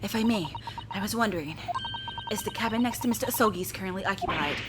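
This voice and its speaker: Polite young male lawyer, voiced by a woman: formal, inquisitive, with steady background noise. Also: mid-range voice, fast, close to an everyday voice.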